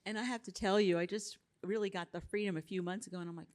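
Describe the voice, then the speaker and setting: A woman's voice: mid-range voice, fairly even intonation, quick pace, a little mellow. A woman in her sixties sharing a personal story on a conference panel, chatty with frequent laughter. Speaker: abortion survivor panelist. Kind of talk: live panel conversation. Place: conference stage.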